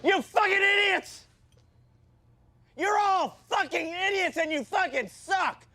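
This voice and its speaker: A foul-mouthed football coach hollers insults at his players in a comedy rant. His voice sits extremely high and turns gravelly as he shouts without letup. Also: expressive, takes it slowly, full character voice. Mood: yelling, berating. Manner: shouting, profane, berating.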